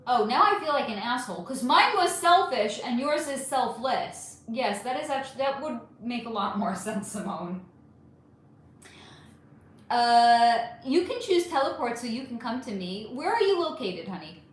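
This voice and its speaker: A woman with a fairly high voice hosts a relaxed livestream, reading and answering viewer comments in a chatty, animated way. The recording carries a noticeable room echo. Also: normal speed, hardly any pauses. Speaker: livestream host reading chat. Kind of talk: casual livestream chat. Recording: echoey room.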